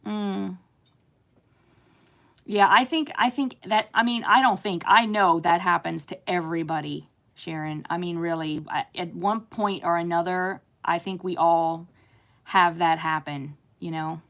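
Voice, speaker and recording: A woman's voice: fairly low pitch, measured pace. A middle-aged woman from the United States hosting a casual live stream, chatting with viewers and reading their comments aloud, with frequent laughs and fillers. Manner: chatty, warm-hearted, laughs often, many fillers. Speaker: host reading live chat.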